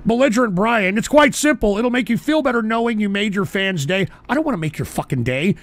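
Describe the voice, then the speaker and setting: A man hosts a live call-in stream with a high-set voice that grinds with heavy fry. He rants belligerently and profanely at his chat, often bursting into shouts. He talks into a desk microphone. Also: lively intonation, fairly quick, hardly any pauses, no echo. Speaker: call-in show host.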